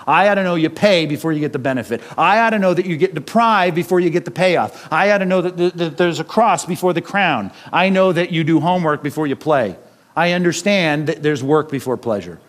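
A male pastor with a notably high-pitched voice delivers a sermon in a loose, conversational way. He keeps checking in with the congregation through quick rhetorical questions, with light chuckles along the way.

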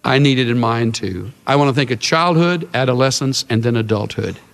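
A man preaching a sermon in a dramatic, emphatic way, slowing down and dropping his voice for emphasis. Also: medium pitch, vocal fry. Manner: dramatic and emphatic, with big swings in loudness and pace. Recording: long reverb of a large hall.

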